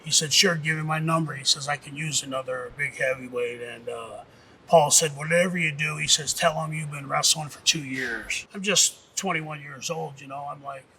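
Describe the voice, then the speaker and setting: A man's voice: a little high, moderate pace, sharp tone, slight background noise. A middle-aged man and former pro wrestler from Nebraska tells rambling, profane stories in a casual documentary interview. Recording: distant mic with faint music.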